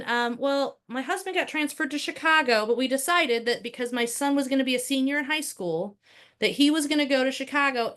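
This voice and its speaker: A woman's voice: a little high, fairly bright tone, natural voice. A woman voicing a friendly, chatty middle-aged mother who talks in long run-on sentences.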